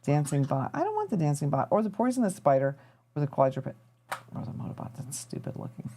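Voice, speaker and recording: Animated, mellow-voiced woman chatting on a live stream. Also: sits low, fast, slight background noise. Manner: chatty and rambling, thinking aloud while tinkering. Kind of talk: casual chat to a live audience.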